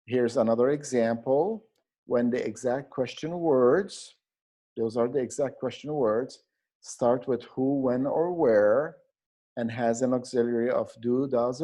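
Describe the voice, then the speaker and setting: Slow, mellow-voiced man explaining grammar. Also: mid-range voice. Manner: slow, explanatory, with frequent fillers and restarts. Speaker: teacher trainer. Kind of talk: narrated teaching video for teachers.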